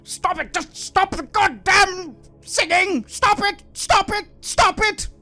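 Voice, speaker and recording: A woman voicing a tormented grown man who shouts and pleads in panic, in a tabletop game. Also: high-pitched, sing-song, unhurried, soft background music, voice pushed up, full character voice. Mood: frantic.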